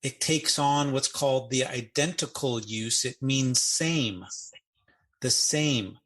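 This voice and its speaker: A man co-hosting a podcast, explaining grammar in casual chat. He spells out forms slowly and drops in playful asides. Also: mid-range voice, a bit bright. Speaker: Greek grammar podcast co-host. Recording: podcast audio.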